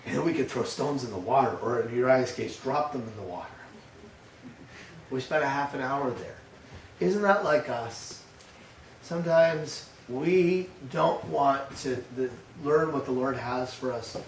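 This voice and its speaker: An older man, a pastor, giving a sermon with lively storytelling, acting out his grandson's voice. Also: medium pitch, a little hiss or hum. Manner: storytelling, animated, acts out a toddler's voice. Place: church. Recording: echoey church room heard from a distance.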